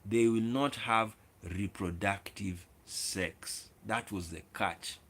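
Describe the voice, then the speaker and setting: A man's voice: lowish voice, slow pace, fairly bright tone. A man hosting his own video, lecturing viewers directly in an opinionated monologue, with repeated words and restarts. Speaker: video host.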